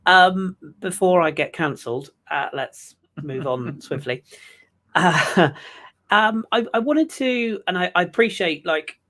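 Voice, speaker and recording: A man's voice: high-pitched, unhurried, pushed and bright. A man co-hosting a fan podcast, talking football in a chatty, joking way with many fillers and restarts. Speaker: podcast co-host. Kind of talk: casual football chat.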